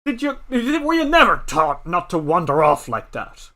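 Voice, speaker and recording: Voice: mid-range voice, sing-song, moderate pace, a bit bright. A performer voicing a fussy, scolding old postmaster who keeps exclaiming in exasperation. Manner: exasperated, exclaiming mild oaths.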